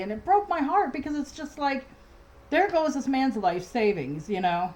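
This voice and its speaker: A woman with a slightly high voice vents in a casual home vlog. She rambles, restarts her sentences and fills pauses, sounding agitated. She talks from her dining room. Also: expressive, a little mellow, low-quality recording. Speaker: vlogger.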